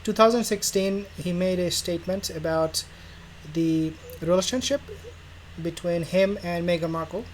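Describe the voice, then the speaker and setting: A royal news vlogger rambles sarcastically in a casual commentary video, acting out imagined conversations. The medium-pitched voice moves at normal speed on a rough recording with faint background noise.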